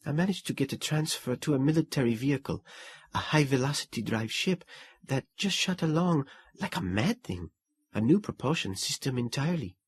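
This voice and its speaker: A man reading a shy, gentle woman who is meeting her ex-husband, in a soft, raised voice in an audiobook. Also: mid-range voice, animated, brisk, breathy edge, pitched above the performer's own voice.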